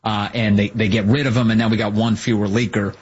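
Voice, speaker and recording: Male commentary host, husky, sarcastic and mocking, muffled lo-fi audio. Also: lowish voice, little pitch movement, quick pace. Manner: mocking, mimics people in silly voices.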